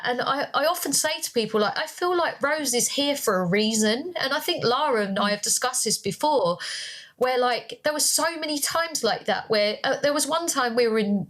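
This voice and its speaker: High-pitched woman telling a story. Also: fairly bright tone. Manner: rambling, many fillers and restarts. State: close to tears. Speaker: podcast co-host. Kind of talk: emotional personal storytelling.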